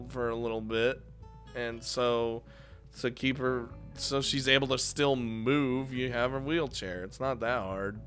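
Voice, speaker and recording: A man reading a visual novel aloud with excitable, swearing commentary, often breaking off mid-sentence. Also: mid-range voice. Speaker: video game let's player.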